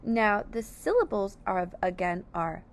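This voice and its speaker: In an unhurried, animated mid-range voice, a woman teaches phonics at a deliberate pace. Each word gets split into syllables and enunciated with great care.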